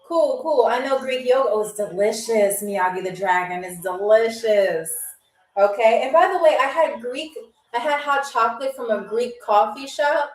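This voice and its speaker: A woman's voice: on the high side, moderate pace, echoey room, recorded from a distance, low-quality recording. A woman from New York hosting a live-stream game show, chatty and playful as she answers viewers' comments.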